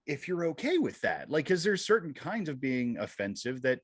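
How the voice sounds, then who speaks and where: A man's voice: a little high, very animated, normal speed, husky, no echo. A man, a filmmaker, talking in a casual panel chat, conversational and given to hesitant restarts.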